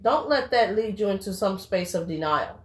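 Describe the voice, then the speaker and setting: A woman's voice: medium pitch, expressive, normal speed. A blunt woman co-hosting a casual talk show, preaching frankly and swearing now and then. Her voice sits in a middle register and rings with the echo of a roomy space. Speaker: podcast co-host. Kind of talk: casual chat.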